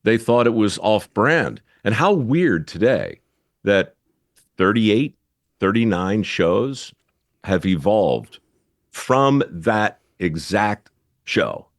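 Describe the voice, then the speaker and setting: A man speaking as a podcast guest in a measured, reflective way. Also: fairly low pitch, very animated, no room sound, studio quality. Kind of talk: casual conversation.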